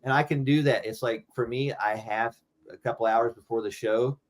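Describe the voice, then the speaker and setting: A man's voice: mid-range voice, steady tone, moderate pace. A middle-aged man talking loosely and rambling, swearing freely, as a guest musician in a casual interview.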